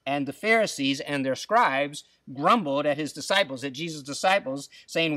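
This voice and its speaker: A man preaching a sermon as pastor, acting out quotes with lively emphasis and dropping to soft, quiet stresses. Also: on the high side, moderate pace, hardly any pauses, dry recording, recorded from a distance.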